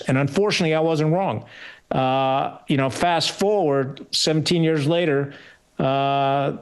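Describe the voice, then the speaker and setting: Guy in his sixties telling war stories on a podcast, blunt and a bit salty, lots of uhs, kinda high voice. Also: a little slow, smooth. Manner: blunt and salty, with frequent hesitations. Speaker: podcast guest, retired military officer. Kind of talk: candid storytelling interview.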